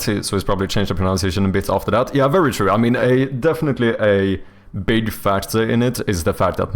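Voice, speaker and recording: Reading chat and responding on his livestream, a man from Sweden talks casually in English tilted toward a British accent, full of fillers and restarts. His voice sits fairly low, with vocal fry.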